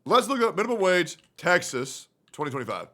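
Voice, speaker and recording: Animated, bright-voiced male streamer. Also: high voice, brisk. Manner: loud, profane, thinks out loud and talks to chat. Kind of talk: casual livestream reaction.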